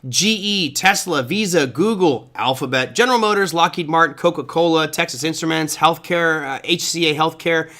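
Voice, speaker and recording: With a bright, forceful voice on the high side, a man hosts a live trading show at a moderate pace, hardly pausing at all. He casually discusses charts and reads viewer chat, chatting away and using fillers as he thinks aloud about the market.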